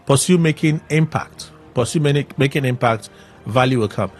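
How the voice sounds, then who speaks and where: A man hosting a radio show, recapping in an animated, exclaiming way. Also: mid-range voice, moderate pace, soft background music. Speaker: radio host. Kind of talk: casual radio commentary.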